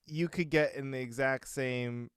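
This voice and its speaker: A man co-hosts a podcast in casual chat, his medium-pitched voice unhurried, fairly bright, clear and resonant, with fairly even intonation. He rambles with frequent fillers and chuckles. The studio recording is clean with no echo.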